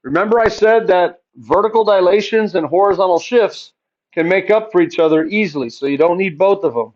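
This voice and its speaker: A man's voice: high-pitched, brisk, dull audio. A man teaching a math class, chatty and joking, asking his students questions and answering them himself.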